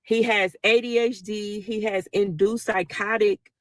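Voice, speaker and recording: A woman's voice: mid-range voice, steady tone, measured pace, no echo. A mother telling a personal story to viewers in a casual, emotional way, talking straight to them as y'all. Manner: talkative, emotional, addresses listeners as y'all.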